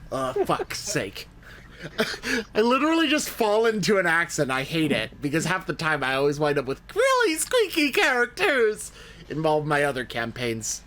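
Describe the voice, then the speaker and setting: A man's voice: mid-range voice, sharp tone, slight background noise. A man playing a tabletop game, describing his character's actions in a rambling, wry, self-mocking way. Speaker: player. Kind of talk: casual tabletop game chat.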